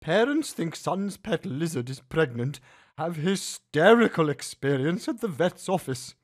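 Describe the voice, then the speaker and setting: A man's voice: on the high side, unhurried. A man reading a humorous family story aloud, putting on voices for the characters. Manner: animated, puts on voices for the characters. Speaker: story narrator.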